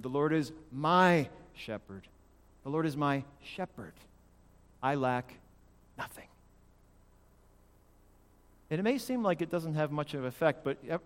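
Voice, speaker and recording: A male pastor preaching a sermon, emphatic and swinging from loud declarations to hushed lines. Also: on the high side, in a large hall.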